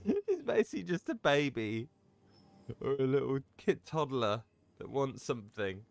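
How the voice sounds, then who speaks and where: A man's voice: mid-range voice, sing-song, normal speed, vocal fry, dry recording. A man streaming a game, chatting casually with viewers in a self-mocking way and swearing freely. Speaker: gaming streamer. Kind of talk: casual live-stream chat.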